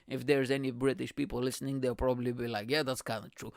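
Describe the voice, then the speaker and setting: A podcast host in his thirties who grew up in the Balkans talks through a funny story from his past. He swears freely and pokes fun at himself. His voice sits at an ordinary middle pitch, and the recording is dry with no room sound. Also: moderate pace, pauses often, no echo. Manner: playful, profane, self-mocking. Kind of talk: comedic storytelling monologue.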